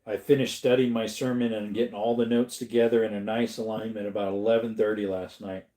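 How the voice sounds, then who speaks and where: Reading chat on his laid-back livestream, this worn-out middle-aged host from Arizona drawls easygoing replies and drops into the occasional joke voice. The voice itself is dark and fairly low, level in tone, and a little fast.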